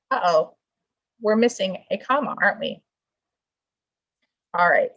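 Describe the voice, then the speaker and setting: A woman's voice: medium pitch, animated, moderate pace, husky. A woman teacher giving an online class lesson over a video call, checking answers aloud and coaxing her students along. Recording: dull lo-fi video call audio.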